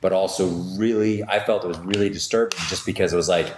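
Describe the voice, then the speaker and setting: A man with a deep, low voice hosts a relaxed podcast chat, easygoing and agreeable as he asks questions and chimes in. His voice sits in a room with a clear echo. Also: fast talker, noisy background. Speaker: podcast host. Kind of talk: casual podcast conversation. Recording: roomy echo.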